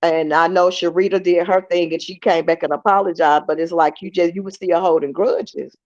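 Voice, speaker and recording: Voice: medium pitch, fairly even intonation, fairly quick, no room sound, dull audio. A panelist on a casual live stream, probing a guest with pointed questions.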